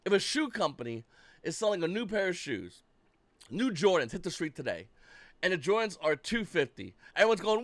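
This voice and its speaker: A man with a fairly high voice rants bluntly about a card game, swearing freely and talking with lively energy. His voice sits close and dry, with no room sound around it. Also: a little fast, no room sound. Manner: blunt, profane, animated. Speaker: YouTube card-game commentator. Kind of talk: casual ranting commentary.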